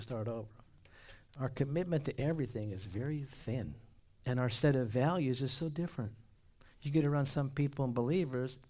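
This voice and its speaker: Man preaching a lively humorous sermon. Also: medium pitch. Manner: call-and-response preaching, humorous asides.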